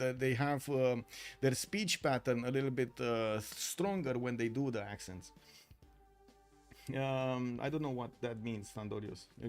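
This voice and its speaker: A man from Romania with a Romanian accent, commentating a strategy game tournament live, excitable and full of filler sounds. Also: medium pitch. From Romania, Bucharest. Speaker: tournament caster and streamer.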